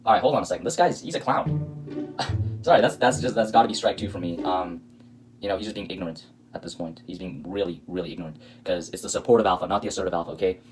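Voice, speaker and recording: A man's voice: sits low, fast talker, soft background music, rough recording. A man hosting a reaction video, talking casually with sarcastic, indignant, rambling commentary.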